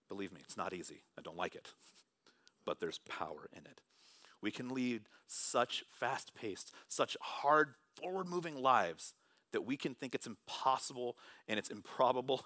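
A man preaching a sermon in church, shifting between loud, animated bursts and hushed, quiet passages. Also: fairly low pitch, dry recording. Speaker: pastor.

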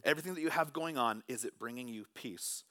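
A man preaching a sermon in church, shifting between loud, animated bursts and hushed, quiet passages. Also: medium pitch, fast talker, no room sound. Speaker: pastor.

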